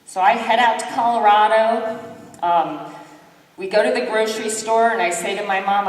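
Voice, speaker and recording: A woman giving a motivational keynote, telling lively, self-deprecating stories and acting out what people said. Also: medium pitch, normal speed. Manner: lively, self-deprecating storyteller who acts out quotes. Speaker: keynote speaker. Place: large conference hall. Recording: echoey hall, distant mic.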